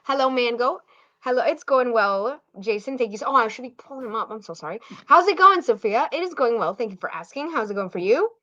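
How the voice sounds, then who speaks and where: A young adult woman reading out chat comments on a live stream, quick and chirpy, laughing easily. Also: fairly high pitch, lively intonation, a bit bright. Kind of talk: casual livestream chat. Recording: slightly dull lo-fi audio.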